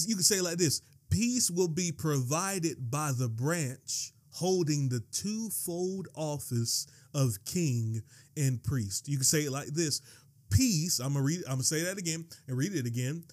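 Emphatic man preaching a sermon. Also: fairly high pitch. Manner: dramatic pauses and slowed quotations, building to shouting; repeats and rereads phrases for emphasis.

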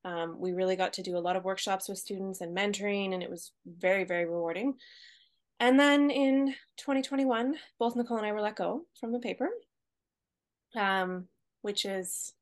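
A woman co-hosting a podcast, telling her story in a relaxed way and laughing easily. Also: mid-range voice, brisk. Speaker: podcast co-host. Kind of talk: casual podcast chat.

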